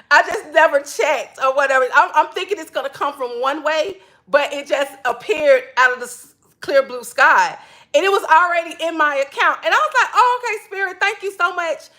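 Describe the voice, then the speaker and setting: Bright high-voiced woman chatting. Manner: chatty, repeats "literally", laughs often. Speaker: spiritual wellness creator. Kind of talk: casual storytelling to viewers.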